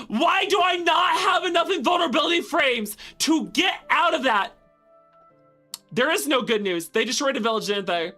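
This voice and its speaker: A young adult woman streaming a video game, talking to her chat with loud exasperated outbursts and swearing. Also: high-pitched, lively intonation, normal speed, faint music behind. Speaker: VTuber streamer. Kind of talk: gaming livestream commentary.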